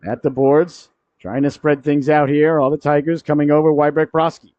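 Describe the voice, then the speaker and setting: Excited male hockey play-by-play voice. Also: fairly high pitch, moderate pace, no echo. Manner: jokey asides, rises sharply to shouts on goals. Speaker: play-by-play commentator. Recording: dry, dull lo-fi broadcast audio.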